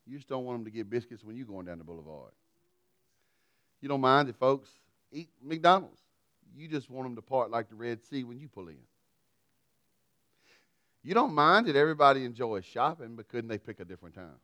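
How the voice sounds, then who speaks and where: A middle-aged man, preaching a sermon through a folksy, self-deprecating personal story, swinging from loud to quiet. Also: medium pitch, lively intonation, a little fast, pauses often, dry recording. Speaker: pastor.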